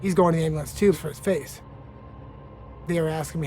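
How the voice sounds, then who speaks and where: A man with a slightly high voice tells the story of a brawl, blunt and profane, laughing at his own mishaps. Background music plays clearly under his interview. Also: fairly even intonation, a little fast, warm tone. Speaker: fighter interviewed in a documentary.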